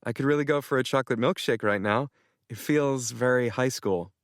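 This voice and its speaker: A man voicing a cheerful, friendly young woman in an audiobook, speaking brightly and quickly. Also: medium pitch, no room sound, studio quality, pitched above the performer's own voice, natural voice.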